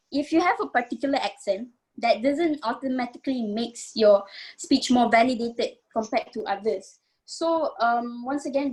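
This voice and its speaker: A woman's voice: on the high side, darkish tone. A young woman from Malaysia speaking as a panelist in an online forum, talking earnestly and casually with many fillers over a video call.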